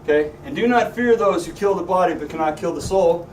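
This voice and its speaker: A man's voice: high voice, fairly quick, darkish tone, a little hiss or hum. A man teaching a Bible class, joking and asking his students questions. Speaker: Sunday school teacher. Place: church classroom. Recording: echoey room, voice from a distance.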